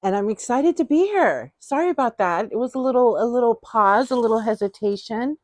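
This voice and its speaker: A woman's voice: fairly high pitch, expressive, fairly quick, no echo. A middle-aged woman hosting a casual haul vlog, chatty and playful, often repeating her phrases. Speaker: host.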